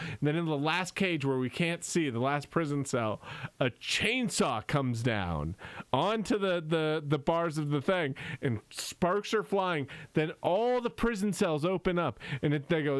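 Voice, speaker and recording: A man telling a rambling story in a casual livestream chat, halting and full of fillers, perking up when he quotes people. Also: on the high side, lively intonation, clear, resonant tone, no room sound. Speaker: comedy group member on a livestream.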